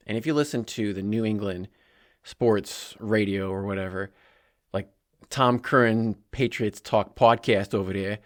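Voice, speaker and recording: A man with a fairly low voice hosts a sports podcast and breaks down a game in loose, conversational commentary. He talks in an animated way, with frequent asides and the odd small laugh. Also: a little slow. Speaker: podcast host.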